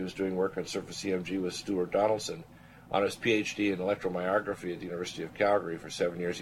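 A man in his sixties, a physician and radio host, telling a personal story in an animated, rambling way, often clearing his throat. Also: fairly low pitch, slight background noise, rough recording. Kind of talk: storytelling on a talk radio show.

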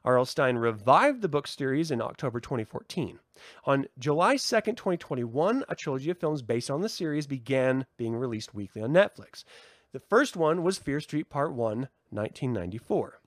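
A man hosting his own podcast, a profane, heated rant that swings between shouting and calmer explaining, recorded indoors. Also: a little high, dry recording, clean studio sound. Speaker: podcast host. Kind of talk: ranting solo podcast. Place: indoor room.

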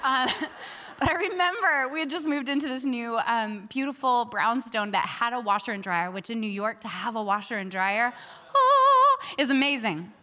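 A woman preaching to a live congregation, her high voice bright and sharp. She tells her stories with energy, acting out each exchange and laughing along as she goes. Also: normal speed. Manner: animated storytelling, acting out dialogue with laughs. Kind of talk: sermon.

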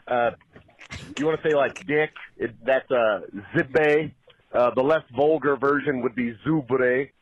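A man calling in from his car, explaining slowly with many hesitations. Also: mid-range voice. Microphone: phone call. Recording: tinny phone line.

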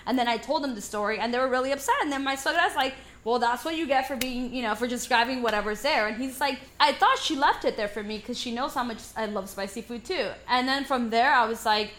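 A woman in casual conversation, telling a story with lots of energy and frequent swearing. Her voice sits somewhat high for a woman. She talks like a podcast co-host sharing a personal story. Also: quick pace, few pauses. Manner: animated storyteller, swears freely.

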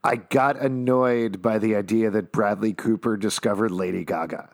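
A man co-hosting a podcast, recapping a TV episode in casual chat, playful and quick to laugh. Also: on the low side, fairly even intonation, no echo, studio quality. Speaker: podcast co-host.

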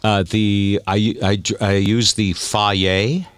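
Podcast co-host, male, very low voice, lively delivery, dry close mic. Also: normal speed, no room sound. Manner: animated, self-mocking storyteller. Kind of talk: casual storytelling chat.

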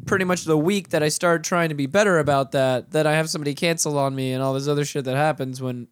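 A man's voice: on the high side, steady tone, quick pace, clean tone, no echo, studio quality. A man hosting a casual podcast, joking and swearing, easily thrown off his train of thought. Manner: profane, laughing, easily sidetracked. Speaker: podcast host.

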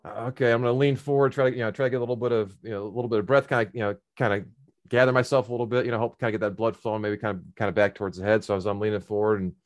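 A man's voice: on the low side, fairly even intonation, racing. A middle-aged man casually telling a long personal story, rambling with many fillers and restarts.

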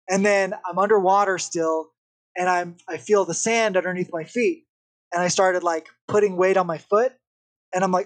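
A young man, a podcast guest, telling a story in a casual, animated way. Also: high-pitched, normal speed. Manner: animated, vivid retelling with acted-out quotes.

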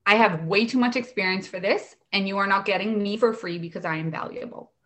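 Woman, 30s, special ed worker; lively, chatty storyteller, mid-pitched voice. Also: fairly quick. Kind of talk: storytelling in conversation.

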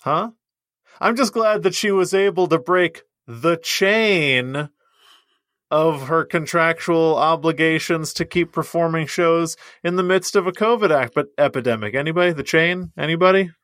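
Higher-voiced joking man, dry sound. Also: unhurried, fairly bright tone, no room sound. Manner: jokey, punning, pressing for reactions. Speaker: podcast co-host. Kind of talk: comedic casual banter.

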